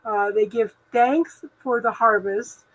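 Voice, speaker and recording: Bright-voiced woman hosting a spiritual chat. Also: on the high side, steady tone, slow, no room sound, rough recording. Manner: rambling, warm-hearted spiritual advice with many fillers. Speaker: host. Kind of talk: live spiritual chat stream. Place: at home.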